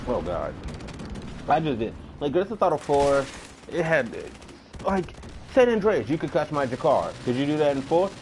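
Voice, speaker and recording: A man's voice: a little high, sing-song, moderate pace. A man streaming a game, talking loosely in long rambling rants. He swears freely and gets worked up over small things. Faint gunfire crackles in the background. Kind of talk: casual gaming chat.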